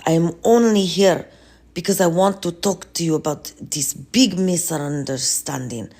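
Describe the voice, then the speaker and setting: Woman doing a mock-Russian strongman leader, boastful, broken English, slow and emphatic, with some gravelly fry. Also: on the low side, darkish tone. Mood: stern. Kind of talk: comedy sketch impression.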